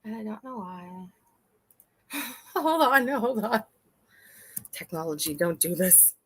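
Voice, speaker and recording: Bright-voiced woman live-streaming. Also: mid-range voice, animated, takes it slowly, slightly rough. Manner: chatty, laughs often, swears freely, talks to chat. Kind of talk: casual live-stream commentary.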